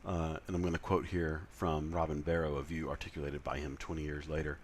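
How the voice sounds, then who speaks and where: A man's voice: extremely low pitch, level tone, a little fast, slight background noise. A man lecturing in a conversational way, with frequent fillers and self-corrections. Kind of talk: recorded lecture.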